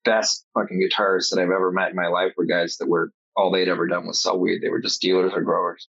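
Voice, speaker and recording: A man with a low, husky voice tells stories in loose, casual chat and swears freely. The sound is dull and lo-fi. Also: little pitch movement, quick pace, a bit bright.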